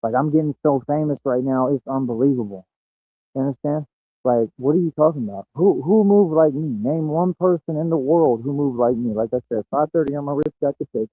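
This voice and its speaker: A man's voice: mid-range voice, brisk, no echo. A man streaming a boastful monologue, brash and bragging, often laughing at his own lines. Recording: tinny phone-like audio, dry.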